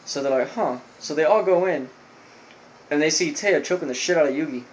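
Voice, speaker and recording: A man's voice: a little high, brisk, slight background noise, poor audio. A man reviewing an anime episode, retelling the plot in a loose, rambling way with lots of fillers. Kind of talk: casual spoken recap.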